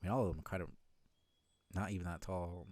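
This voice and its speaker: A man's voice: low-pitched, steady tone, quick pace, darkish tone, no room sound. A man streaming a game live, chatting in a rambling, self-deprecating way with lots of fillers.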